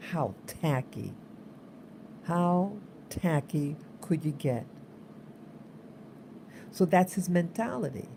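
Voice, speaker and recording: Low-voiced, slow-talking woman vlogger. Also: creaky, dark tone, a little hiss or hum. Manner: rambling, repetitive, emphatic. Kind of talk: casual storytelling monologue.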